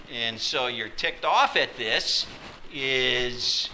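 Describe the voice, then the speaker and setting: A man preaching a sermon in a church, swinging from loud, dramatic lines to hushed ones. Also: medium pitch, takes it slowly, slight background noise, rough recording. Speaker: pastor.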